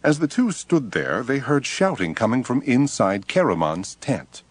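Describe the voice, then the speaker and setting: A man narrating an audiobook in an expressive storytelling manner. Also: mid-range voice, measured pace, breathy edge, no room sound. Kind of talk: scripted narration.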